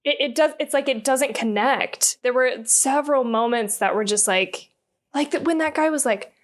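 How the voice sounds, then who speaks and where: A woman's voice: high-pitched, normal speed. A woman co-hosting a podcast in casual chat, full of fillers like "like", laughing and swearing. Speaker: podcast co-host.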